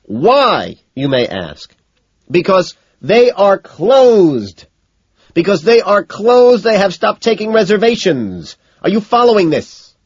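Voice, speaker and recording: A man's voice: mid-range voice, huge pitch swings, extremely slow, a bit bright, slightly rough, dull audio, voice pushed up, full character voice. An audiobook narrator voicing an agitated young businessman who screams pedantic complaints. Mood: exasperated.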